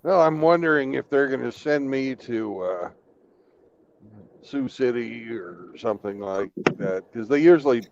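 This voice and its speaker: A man's voice: mid-range voice, lively intonation, a little slow, muffled recording, a little hiss or hum. A man who works as a truck driver, talking in a casual online group chat, teasing and stammering as he repeats words.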